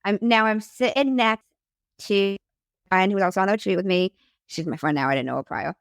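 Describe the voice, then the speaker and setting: A young woman tells a story in a relaxed chat, swearing freely and playing out each quoted line. Her voice is smooth and clear. The sound is close and dry. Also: medium pitch, brisk, no echo. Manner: animated, profane, acts out quotes. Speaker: podcast host telling her story as guest.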